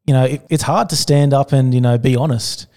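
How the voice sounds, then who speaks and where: Man co-hosting a podcast, mid-pitched voice. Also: fairly even intonation, brisk, a little mellow. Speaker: podcast co-host. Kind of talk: casual chat.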